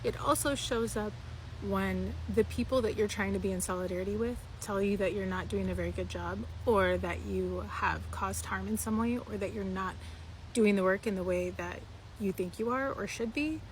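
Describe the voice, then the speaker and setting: A woman lectures the listener bluntly, scolding and firm. Her pitch sits in an ordinary middle range. A faint hiss of background noise runs under her voice. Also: moderate pace. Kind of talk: direct-to-camera commentary.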